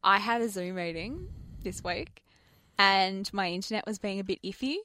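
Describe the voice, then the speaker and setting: A woman's voice: medium pitch, normal speed, pushed and bright, no room sound, clean studio sound. Chatty woman radio co-host. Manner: chatty, self-deprecating, laughs while telling stories. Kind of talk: casual radio chat. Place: radio studio. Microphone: studio microphone.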